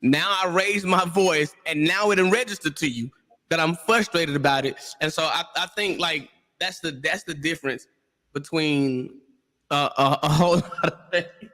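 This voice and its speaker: A man on a discussion panel, talking in an animated way and acting out voices in his stories. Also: on the high side, normal speed, in a large hall. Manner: animated storyteller, acts out quotes.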